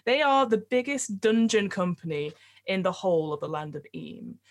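Giggly woman game master. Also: medium pitch. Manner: chatty, giggly narration with many fillers. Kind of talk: narrating a tabletop game.

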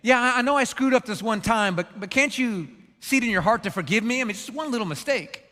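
A man's voice: very high-pitched, expressive, fast, sharp tone, pitched above the performer's own voice, heavily acted. A man voicing a whiny, excuse-making ancient pharaoh who minimizes his wrongdoing. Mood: wheedling. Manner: wheedling, minimizing. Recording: long hall reverb.

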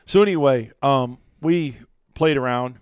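A man's voice: mid-range voice, measured pace, smooth, no room sound. A man co-hosting a casual hunting podcast, telling stories and acting out what people said. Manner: animated storyteller acting out quotes. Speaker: podcast co-host.

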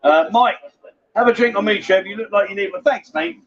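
A man's voice: high voice, brisk, dull audio. A man hosting a live stream from a bar, teasing and joking with the women and the chat. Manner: teasing, banters with the crowd. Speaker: livestream host. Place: bar in Pattaya.

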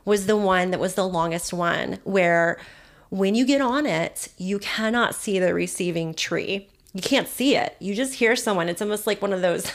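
A young woman hosting a podcast, telling a personal story in a chatty, animated way with lots of fillers and self-mocking asides. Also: mid-range voice. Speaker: podcast host. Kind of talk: casual storytelling monologue.

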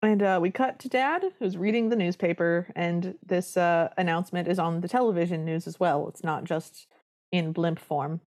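A woman's voice: lowish voice, normal speed, a little mellow. A woman co-hosting a podcast, recapping a movie in casual chat with dry, sardonic remarks. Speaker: podcast co-host.

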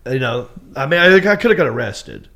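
A man's voice: medium pitch, very animated, brisk, fairly bright tone. A man, a stand-up comedian, telling a story on a podcast and acting out his own lines in a raised voice. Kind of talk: animated storytelling.

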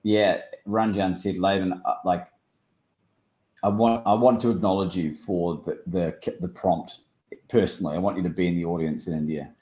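A man's voice: deep voice, normal speed. Australian man telling stories, echoey. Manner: animated storyteller, acting out quoted dialogue. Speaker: guest. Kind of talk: casual chat.

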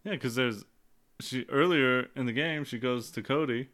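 Smooth-voiced man chatting casually. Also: medium pitch, normal speed, fairly bright tone. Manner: profane, jokey, acts out quotes. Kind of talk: casual chat about a video game.

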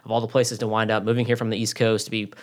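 A man's voice: lowish voice, level tone, racing. A man from Florida telling personal stories in a casual chat, earnest and often restarting and repeating his words.

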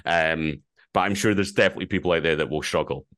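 A man with a Scottish accent, a podcast co-host answering interview questions loudly and slowly. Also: rumbling low, no echo. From Scotland. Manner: loud and slowly spoken.

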